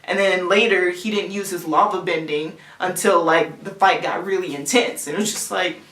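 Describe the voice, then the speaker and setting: A young woman co-hosting a casual show, talking in an animated, exasperated way about an episode she watched. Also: on the low side, moderate pace, roomy sound, slight background noise. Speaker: podcast co-host. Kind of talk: casual chat. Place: cold room.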